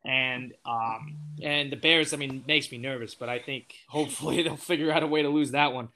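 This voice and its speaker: Chatty eighteen-year-old man, bright voice. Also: medium pitch, fairly even intonation, normal speed. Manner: rambling, many fillers and restarts. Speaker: podcast guest. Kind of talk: casual chat.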